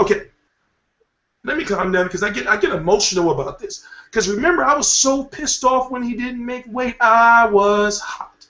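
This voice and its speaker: A man hosting a boxing talk show, giving a rambling, profane, animated rant in casual commentary. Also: extremely high pitch, normal speed. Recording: echoey room, dull lo-fi sound.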